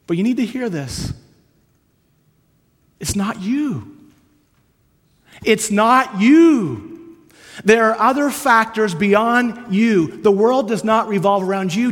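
A man from Canada preaching a sermon, earnest and storytelling, moving between hushed and emphatic. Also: high voice. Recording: long hall reverb.

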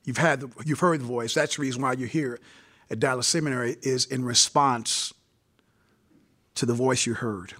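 A man's voice: mid-range voice, steady tone, normal speed, a bit bright. A man preaching an impassioned sermon at a seminary gathering, repeating phrases and addressing his listeners directly.

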